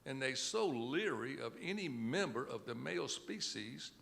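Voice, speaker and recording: A man telling clean jokes to an audience at a country club, acting out each character in an unhurried storytelling manner. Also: medium pitch, lively intonation, gravelly, a bit bright, big-room sound. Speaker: inspirational speaker telling jokes. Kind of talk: stand-up joke telling. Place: country club event room.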